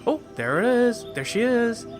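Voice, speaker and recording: A man's voice: very high-pitched, sing-song, moderate pace. A man hosting a let's-play, chatting enthusiastically with his viewers about the game as he plays. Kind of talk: video game commentary. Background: game music.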